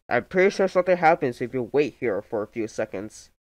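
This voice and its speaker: A man's voice: mid-range voice, animated, a little fast, dry recording. A young man doing gameplay commentary from a room at home, rambling and jumpy with lots of exclamations. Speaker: gameplay video creator. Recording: game music playing under the voice. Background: game music.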